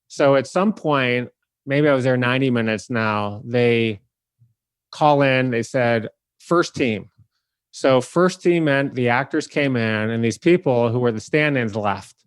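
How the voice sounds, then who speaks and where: A man from the Detroit area hosting a podcast and telling a lively story, acting out the people in it. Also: medium pitch, measured pace, smooth, dry recording. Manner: animated, acts out the people in his story. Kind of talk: casual storytelling.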